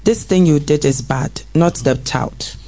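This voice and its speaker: A preschool educator, telling a classroom story to parents in an earnest, animated way. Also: medium pitch, unhurried, rough recording. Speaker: preschool educator and guest speaker.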